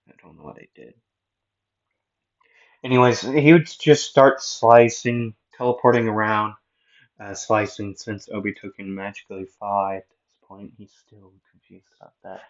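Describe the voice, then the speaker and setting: A man with a fairly low voice narrates a fan-made anime story in a casual, rambling way. He keeps breaking off for self-mocking asides. The recording sounds dull and lo-fi. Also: little pitch movement, moderate pace.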